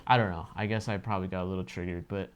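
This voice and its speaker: A man's voice: sits low, steady tone, rapid-fire, lo-fi sound. A man co-hosting a reaction video, talking in an earnest, emphatic way and swearing freely. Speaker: co-host of a reaction channel. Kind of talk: casual reaction discussion.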